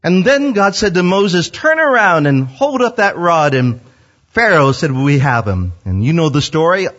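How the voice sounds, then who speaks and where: Man, middle-aged, preaching, fairly high voice, husky, animated storytelling. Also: measured pace. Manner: animated storytelling, acts out quotes. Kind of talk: sermon. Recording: dull lo-fi sound.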